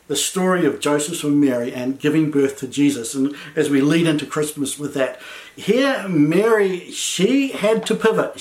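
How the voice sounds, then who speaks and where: Male pastor, chatty and enthusiastic sermon, slightly high voice, reverberant room. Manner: conversational, enthusiastic, frequent restarts. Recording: echoey room.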